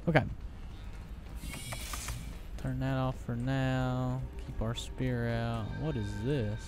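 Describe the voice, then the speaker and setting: A man's voice: mid-range voice, level tone, takes it slowly, pauses often, music in the background. A young man giving let's play commentary, easily startled and talking to himself as he plays. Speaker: gaming YouTuber.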